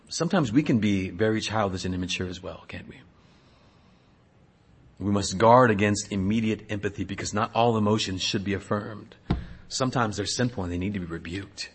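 A man's voice: fairly low pitch, fairly quick, husky. A middle-aged man, a pastor, preaching a sermon in an earnest way, asking questions and sometimes restarting.

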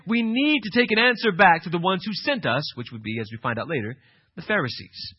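A male pastor preaching an emphatic sermon, swinging from quiet passages to loud, insistent ones. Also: on the high side, big pitch swings, fast talker, husky, dry recording, highs cut off.

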